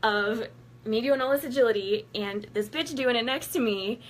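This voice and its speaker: A woman's voice: a little high, moderate pace, slight background noise. A woman talking straight to her viewers, blunt and profane, laughing often and acting out what people say. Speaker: vlogger giving workout motivation. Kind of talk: casual candid monologue to viewers.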